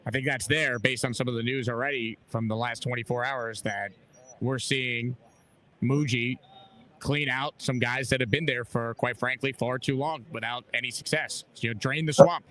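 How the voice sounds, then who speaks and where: Male sports radio host, chatty and upbeat, ordinary mid pitch. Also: fairly even intonation, normal speed, pushed and bright. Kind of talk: live sports radio call-in show. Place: busy radio row at a big event.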